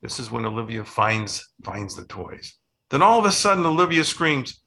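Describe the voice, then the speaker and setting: A man's voice: mid-range voice, sing-song, moderate pace, pushed and bright. An older man, a children's book author, tells family stories in a rambling interview with many restarts. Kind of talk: casual interview storytelling.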